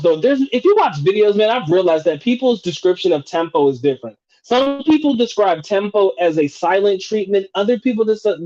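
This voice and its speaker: A man's voice: on the high side, dark tone, muffled recording. A man hosting a live stream, chatting casually and profanely, restarting and rephrasing as he goes. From United States.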